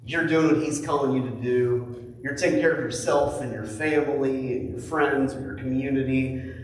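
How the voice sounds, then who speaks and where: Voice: mid-range voice, normal speed, heavy reverb, long reverb tail, distant mic, poor audio. A pastor preaching a conversational sermon who acts out quoted voices with mock outrage.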